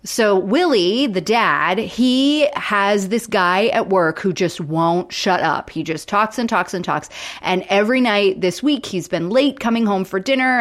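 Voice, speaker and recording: Woman recapping a plot on a podcast. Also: medium pitch. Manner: conversational, recaps plots in detail. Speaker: podcast co-host. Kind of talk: casual chat.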